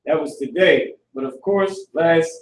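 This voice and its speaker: A man teaching a live online language class, talking casually with slang and repeating words slowly to drill pronunciation. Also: on the high side, slight background noise. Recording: echoey room, far from the mic.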